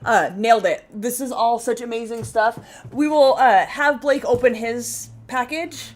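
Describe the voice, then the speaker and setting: A woman's voice: on the high side, measured pace. A woman co-hosting a painting stream, giggly and chatty, talking to viewers while opening gifts. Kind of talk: casual chat while unwrapping gifts.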